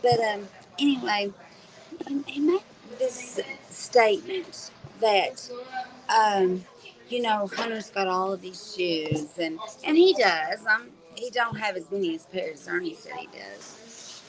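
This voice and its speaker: A woman's voice: medium pitch, animated, slow pace, crowd noise, poor audio. A woman chatting casually with her husband on a livestream, teasing and using many ums. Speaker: co-host, the vlogger's wife. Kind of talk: casual chat. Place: restaurant.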